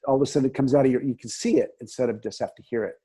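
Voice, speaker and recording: A middle-aged man who works as a first assistant director, telling set stories as a podcast guest in lively, chatty conversation with frequent restarts. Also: medium pitch, very fast, husky. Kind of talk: casual conversation.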